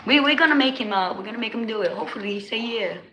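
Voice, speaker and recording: A woman with a New Jersey accent chatting casually with viewers on her livestream, animated and laughing often, full of slang. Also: on the high side, very fast. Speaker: livestream host. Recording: echoey room with faint noise.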